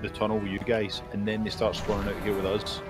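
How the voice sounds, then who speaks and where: Low-voiced man calmly explaining tactics. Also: fast talker, over music. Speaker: gamer on the raid team. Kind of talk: casual team voice chat.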